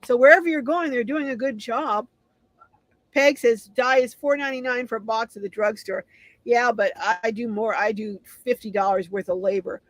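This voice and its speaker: A woman's voice: on the high side, moderate pace, dry recording, rough recording. A middle-aged woman hosting a casual livestream, reading viewer comments aloud and answering them in a chatty way. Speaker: live stream host.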